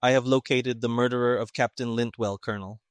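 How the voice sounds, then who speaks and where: A man voicing a calm, shrewd male detective who speaks quietly and precisely. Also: mid-range voice, fairly quick, clean tone, no room sound, close to an everyday voice.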